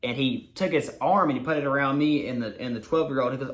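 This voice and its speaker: A man telling an excited, swear-filled story to the camera in a casual vlog. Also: mid-range voice, fast. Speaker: vlogger.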